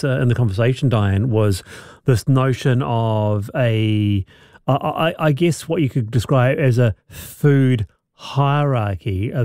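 A male radio host with a mellow, relaxed tone, recorded dry and close in the studio. He asks his questions conversationally, with some hesitant restarts. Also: medium pitch, no echo. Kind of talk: radio interview.

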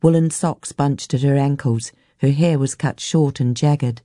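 A woman narrating a novel as an audiobook in a steady, measured way. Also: a bass voice, no room sound, clean studio sound.

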